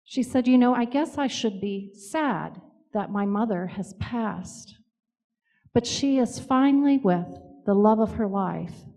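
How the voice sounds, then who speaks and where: A woman telling personal stories in a gentle, reflective way, with pauses. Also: fairly high pitch, lively intonation, big-room sound. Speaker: co-author and speaker. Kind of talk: storytelling talk.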